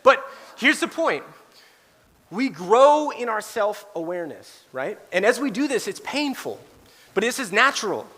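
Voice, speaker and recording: A man pastor preaching a sermon in a church sanctuary, animated and acting out quoted voices. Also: high voice, a little slow, in a large hall.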